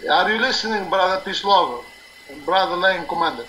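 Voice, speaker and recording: A man hosting a live religious talk stream, his voice high and strikingly bright, almost piercing. He explains at length in an earnest, insistent way, peppered with "uh" and "okay?". A faint hum of noise sits behind him. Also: lively intonation, fairly quick, low-quality recording. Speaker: live-stream show host. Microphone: live stream or call-in line.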